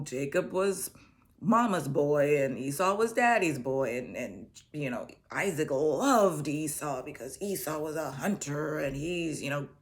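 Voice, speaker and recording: A middle-aged woman casually retelling Bible stories and giving encouragement, chatty and animated, slipping into quick voices for the characters. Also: sits low. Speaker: host sharing a personal testimony.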